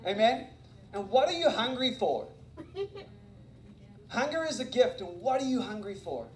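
High-voiced man preaching in an echoey room. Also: a little slow. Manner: animated, self-mocking, laughs often. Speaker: guest preacher and missionary. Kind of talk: energetic sermon with storytelling.

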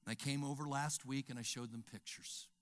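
An older male pastor preaching a sermon, telling stories and acting out dialogue, swinging from whispers to shouts. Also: medium pitch, fairly even intonation, normal speed, heavy background noise.

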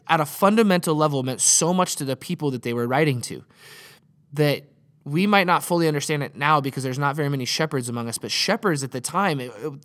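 A man's voice: fairly high pitch, a bit bright. A man in his late twenties, a pastor giving a conversational sermon in an earnest way, often restarting and repeating words.

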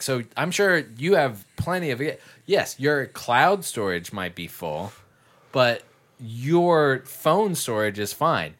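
A man's voice: mid-range voice, fairly bright tone. A man telling stories in casual chat, rambling and swearing as he acts out what others said.

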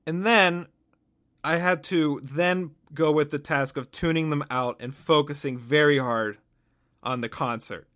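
A podcast host with a fairly high, slightly bright voice takes his time, rambling through a sardonic solo comic monologue. He often breaks off mid-thought.

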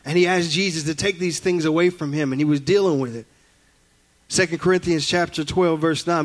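A man's voice: fairly high pitch, fairly even intonation, a little fast. A man preaching a sermon as a guest speaker in a church, telling folksy stories and acting out family voices.

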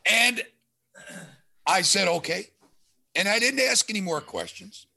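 A man with a bright, forceful voice tells a story in casual conversation. His pitch rises and falls a lot as he acts out what each person said. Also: a little slow, creaky. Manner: animated storytelling, acting out quoted dialogue. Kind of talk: casual chat.

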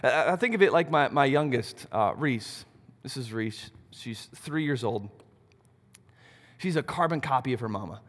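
A man preaching a sermon, animated, asking rhetorical questions and swinging between loud and soft. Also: medium pitch, normal speed. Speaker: pastor. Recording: long reverb of a large hall.

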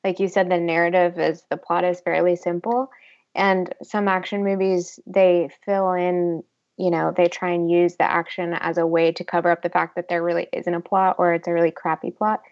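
Woman, podcast guest, low voice, gravelly fry, muffled sound. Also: flat delivery, moderate pace, darkish tone. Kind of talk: casual film review chat.

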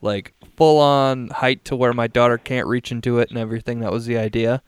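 A podcast host chatting casually over a video call, telling rambling stories, laughing and swearing freely. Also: male voice, medium pitch, fairly even intonation, fairly quick, smooth, no room sound.

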